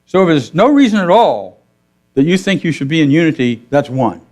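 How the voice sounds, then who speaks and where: A middle-aged male minister giving a gentle, conversational sermon in a church, telling stories with quoted dialogue and asking his listeners questions. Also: a little high, big pitch swings, fairly quick. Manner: conversational, asks the congregation questions. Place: church sanctuary.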